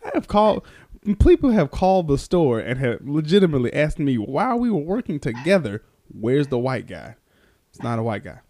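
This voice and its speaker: A man's voice: a little high, a little fast, a little hiss or hum. A man hosting a casual podcast who teases his co-host, laughs often and tells stories loosely with many fillers. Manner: teasing, animated, laughs often.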